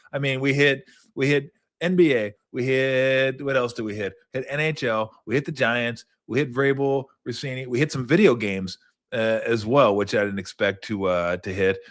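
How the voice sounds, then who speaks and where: A middle-aged man hosting a sports talk show, rambling casually and cursing, sometimes acting out people in high mocking voices. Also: a bit bright. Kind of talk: casual solo rambling recap.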